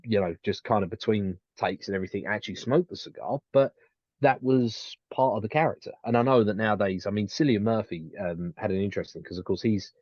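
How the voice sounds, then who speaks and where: Brief: male podcast co-host, lowish voice, rambling with fillers, muffled dead-dry mic. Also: a little fast, darkish tone, no echo. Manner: rambling, many restarts and fillers. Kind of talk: casual chat.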